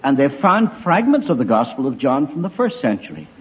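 A man's voice: medium pitch, a little fast, a little hiss or hum. Older man preaching through a tinny line. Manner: lively, emphatic, wry rhetorical questions. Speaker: speaker addressing young people. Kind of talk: evangelistic talk with anecdotes. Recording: tinny phone-like recording.

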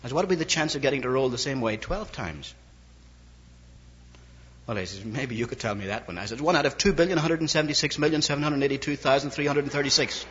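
A quick-paced sermon from a man whose mid-range voice is expressive and a bit bright, with a little hiss or hum on the tape. He tells anecdotes and voices the people in them, recorded lo-fi long ago in a reverberant hall.

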